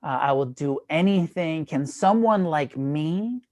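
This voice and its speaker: A man's voice: fairly high pitch, lively intonation, a little slow, a little mellow. Man doing a repentant male bandit in a spoken tale, earnest and pleading. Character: remorseful former bandit pleading for redemption, male.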